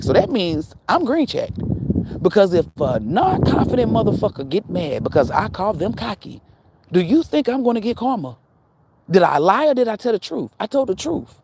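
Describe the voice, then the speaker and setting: A woman's voice: medium pitch, sing-song, a little fast, warm tone, breathy edge. A woman giving a profane, preachy spiritual rant straight to her viewers, full of rhetorical questions. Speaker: spiritual channel host.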